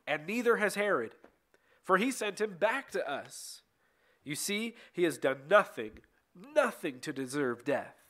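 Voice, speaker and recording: A man's voice: a little high, a bit bright. A man voicing a weary, insistent Roman governor in a plain read-aloud way, in a bible story reading. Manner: plain read-aloud delivery of quoted speech.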